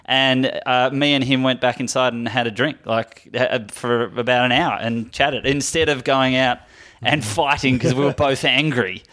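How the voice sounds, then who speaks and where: A comedian guest, a man, telling a story in casual podcast chat, a little halting, with restarts. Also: mid-range voice, steady tone, fairly bright tone.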